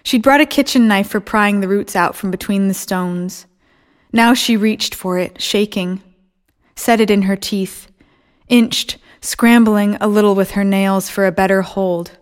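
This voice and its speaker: List: woman, audiobook narrator, measured, steady, mid-pitched voice.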